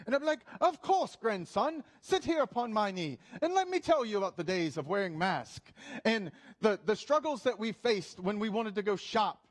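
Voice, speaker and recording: A man's voice: high voice, very animated, moderate pace. A man putting on a fond old British granddad. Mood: nostalgic. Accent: British (put on). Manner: theatrical, storytelling, exaggerated dismay. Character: doting elderly grandfather, British accent, reminiscing.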